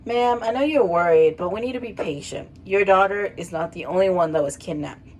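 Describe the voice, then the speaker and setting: A woman's voice: medium pitch, fairly quick, a little mellow, natural voice. A young woman voicing a firm female FBI agent in her old story.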